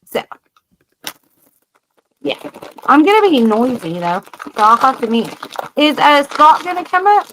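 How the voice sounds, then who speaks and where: A woman chats casually on a live stream in a slightly high voice. She keeps it loose and blunt, full of slang and the odd curse. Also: sing-song, a little slow, long pauses, a bit bright, a little hiss or hum. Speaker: livestream host.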